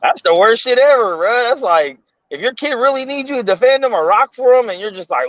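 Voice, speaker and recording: A man in his thirties co-hosting a casual show, telling a story in animated, slangy speech with lots of swearing. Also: very high voice, brisk, no room sound, highs cut off. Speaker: podcast co-host.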